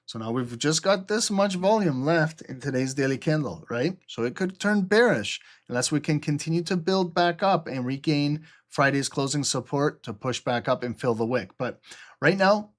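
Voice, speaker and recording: A man's voice: on the high side, lively intonation, normal speed. A man hosting a trading livestream, explaining the market live and often checking in with "okay?" while answering viewer chat.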